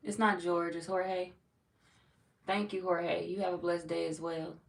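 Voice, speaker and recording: Gravelly low-voiced woman chatting live. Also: steady tone, a little fast, far from the mic, a little hiss or hum. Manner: loose and playful, reads viewer comments aloud, laughs often. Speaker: tarot reader greeting live chat. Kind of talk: casual livestream chat.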